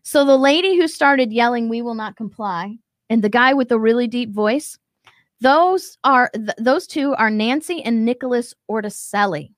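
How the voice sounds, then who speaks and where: A woman's voice: fairly high pitch, moderate pace, dry recording. A woman hosting a commentary show, talking emphatically and acting out quotes as she reacts to a video. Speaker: show host.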